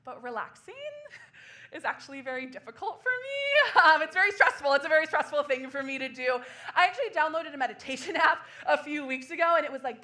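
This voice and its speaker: A woman in her twenties performing a solo comedy show on a small theater stage, laughing through quick self-deprecating asides. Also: sits high, animated, pushed and bright. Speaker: stand-up comedian.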